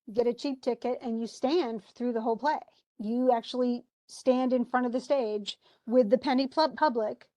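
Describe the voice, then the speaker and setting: A woman's voice: on the high side, fairly even intonation, normal speed, warm tone. A woman lecturing a class on a play in a chatty way, often restarting and reading lines aloud with emphasis. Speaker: teacher.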